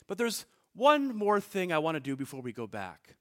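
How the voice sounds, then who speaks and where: Man voicing a stubborn old boatmaker from a storybook, calm and plain-spoken. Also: fairly high pitch, moderate pace.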